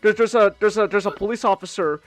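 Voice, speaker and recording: Sex: man. Role: podcast host. Style: casual chat. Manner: rambling, filler-heavy. Pitch: high for a man. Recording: dry. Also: fast talker, no room sound. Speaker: podcast host, virtual streamer.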